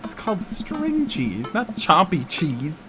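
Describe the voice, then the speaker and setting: Male gamer voicing a sardonic teen girl, deadpan and sarcastic, pitched up for a game playthrough. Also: takes it slowly, over music, heavily acted. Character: sardonic teenage daughter.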